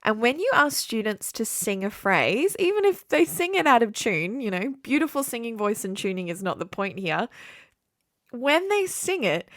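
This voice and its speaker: A woman hosting a short music lesson podcast, explaining clearly in a friendly teaching tone. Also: a little high, big pitch swings, moderate pace, a bit bright, dry recording, clean studio sound. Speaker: saxophone teacher and podcast host. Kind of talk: scripted solo podcast lesson.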